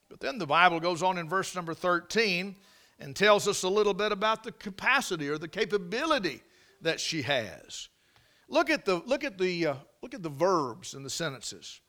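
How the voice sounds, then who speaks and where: A man delivering a sermon in a high, bright voice. He leans on repetition and slows right down to stress key phrases. He keeps checking in with the congregation through rhetorical questions. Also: animated. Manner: preaching with repeated words, drawn-out emphasis and rhetorical questions. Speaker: pastor.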